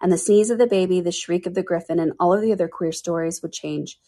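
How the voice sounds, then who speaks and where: A woman narrating a classic storybook in a steady, measured way for a podcast. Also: lowish voice. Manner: steady, measured reading aloud. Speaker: reader.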